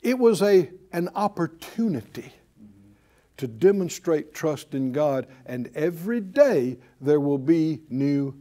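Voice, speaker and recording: High, animated male preacher. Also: slow. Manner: emphatic, repetitive, leads the congregation in affirmations. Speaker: preacher and Bible teacher. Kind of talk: sermon with call-and-response.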